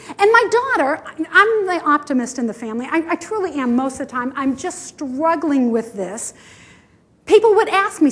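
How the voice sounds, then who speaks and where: Middle-aged female health speaker, high pitch, animated and self-mocking conference storyteller. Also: normal speed. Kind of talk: conference presentation. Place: conference hall.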